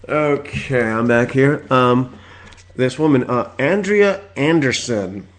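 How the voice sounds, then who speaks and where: A man in his forties hosting his own podcast, telling stories in a rambling casual rant full of filler words and loud exasperated outbursts. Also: mid-range voice, lively intonation, slow pace, a little hiss or hum. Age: 40s. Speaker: podcast host.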